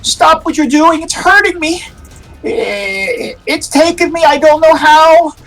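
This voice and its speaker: A woman's voice: high voice, takes it slowly, a bit bright, soft background music, pitched above the performer's own voice, poor audio. A man voicing a spirit disguised as a young ex-girlfriend, pleading desperately and trying to tempt the listener.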